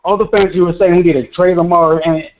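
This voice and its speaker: A young man calling in to a sports show, ranting, stuttering in his anger and breaking into near-shouts. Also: steady tone, quick pace, slight background noise. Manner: frantic, stuttering, pitch leaping into shouts. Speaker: caller. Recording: dull lo-fi call audio.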